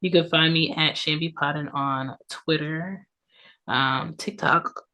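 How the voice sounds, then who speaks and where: Deep-voiced and slow, this woman in her thirties chats casually on her solo podcast, sprinkling in ums and tag questions. Her intonation stays fairly even and her tone is sharp, allergies make her sound congested, and the recording's highs are cut off.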